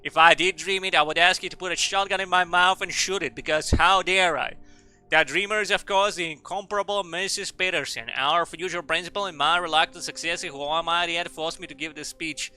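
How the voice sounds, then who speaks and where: Pompous ancient headmaster, very bright, ringing oratory, played by a man, faint music under it. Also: high voice, steady tone, a little fast, clear, resonant tone, pitched above the performer's own voice. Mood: solemn. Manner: grandiose, theatrical oratory. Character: pompous ancient male headmaster giving farewell speech.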